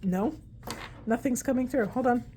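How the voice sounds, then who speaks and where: A woman's voice: a little high, normal speed, very noisy. A woman giving a casual, meandering tarot-style card reading at home, talking aloud to spirit as she goes. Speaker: tarot reader.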